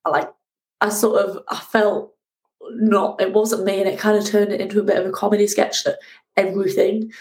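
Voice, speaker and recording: Woman, storytelling guest, lively, even mid pitch. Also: a little fast, a little hiss or hum, poor audio. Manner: animated, acts out shouting at the sea. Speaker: guest, ocean rower. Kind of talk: conversational interview storytelling.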